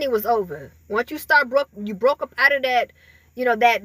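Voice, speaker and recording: A woman with a high, bright voice gives a casual spiritual reading straight to her viewers. She rambles in a loose, chatty way, piling up fillers and breaking into laughs. The sound is dry and close, with no room echo. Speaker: spiritual reader.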